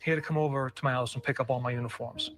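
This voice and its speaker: A man, a former state trooper, recalling events haltingly and emotionally in a recorded news interview. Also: mid-range voice, steady tone.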